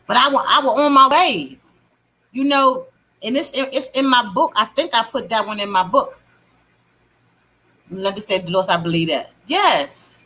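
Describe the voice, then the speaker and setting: A middle-aged woman hosting a livestream, telling her testimony in a casual, animated way and greeting chat viewers. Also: fairly high pitch, normal speed, pauses often. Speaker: livestream host.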